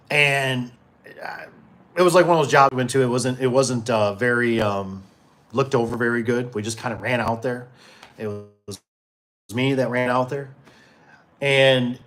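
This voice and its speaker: Man, garage door tradesman, casual rambling storyteller, mid pitch, lots of fillers. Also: a bit bright. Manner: rambling, full of fillers and restarts, acts out quotes. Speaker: garage door business owner.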